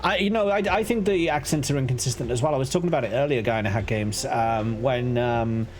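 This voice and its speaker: A man from Liverpool with a softened Liverpool accent, thinking aloud with restarts while streaming a game. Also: mid-range voice, fast. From Liverpool, England. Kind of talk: casual live-stream commentary. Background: faint game music.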